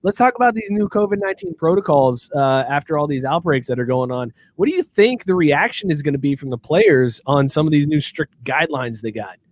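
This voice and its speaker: A young man with a slightly high voice, co-hosting a loose, jokey podcast chat. He laughs easily and ribs his friends while asking about hockey news. The delivery is casual and conversational. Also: animated, fairly quick, hardly any pauses, dry recording. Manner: joking, laughs often. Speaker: podcast co-host.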